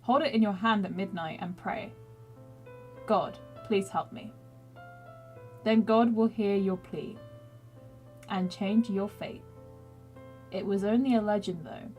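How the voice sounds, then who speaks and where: A woman's voice: medium pitch, fairly even intonation, measured pace, long pauses, darkish tone, faint music behind. A young woman streamer chatting casually while playing a story game, giggling often and teasing herself as she reads game text aloud. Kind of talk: casual gaming commentary.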